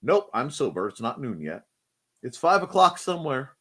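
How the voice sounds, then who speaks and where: A man's voice: medium pitch, sing-song, moderate pace, fairly bright tone. A man hosting a casual live chat show, playful and jokey, often breaking into silly voices. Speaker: host.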